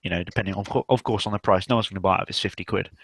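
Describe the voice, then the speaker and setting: Brief: young man, low voice, dry close mic, loose sweary rambling host. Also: rapid-fire, creaky, husky, no room sound. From South West England. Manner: rambling and sweary, many fillers. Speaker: stream host. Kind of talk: casual livestream chat.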